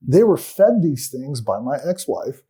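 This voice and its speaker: As a talk-show guest, a man tells his own story in an earnest, aggrieved way. His mellow, warm, husky voice sits at an ordinary middle pitch with big pitch swings and a measured pace, and his sentences often fade to a quiet finish.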